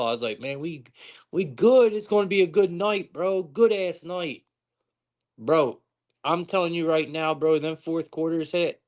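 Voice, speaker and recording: A young man hosting a live sports-betting stream, talking casually with frequent swearing and exasperated outbursts. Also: medium pitch. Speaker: sports betting show host.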